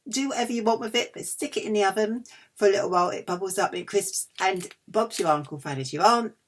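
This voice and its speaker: A woman's voice: mid-range voice, quick pace. A middle-aged woman chatting casually through a food haul, cheeky and self-mocking. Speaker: vlogger.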